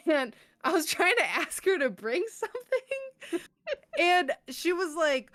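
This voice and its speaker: A woman co-host chatting casually and laughing between stories. Her voice sits a little high, and the sound is dry and close with no room around it. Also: big pitch swings, unhurried, fairly bright tone, no echo. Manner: laughs often, swears casually. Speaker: podcast co-host. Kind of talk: casual chat.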